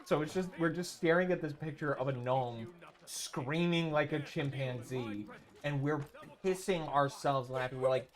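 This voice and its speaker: A man's voice: on the high side, normal speed. A man streaming, chatting casually and rambling through a story with many restarts and swearing.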